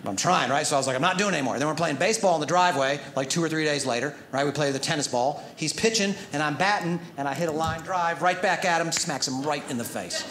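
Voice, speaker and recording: Stand-up comic in a roomy hall. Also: male voice, on the high side, fast talker, hardly any pauses. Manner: animated storytelling, acts out his son and other parents. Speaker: stand-up comedian. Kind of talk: stand-up comedy set. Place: theater stage before a live audience. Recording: roomy hall with audience laughter. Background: crowd laughter.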